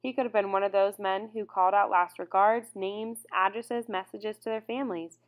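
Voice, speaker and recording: A woman narrating a first-person audiobook in a measured, reflective reading. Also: medium pitch, fairly even intonation.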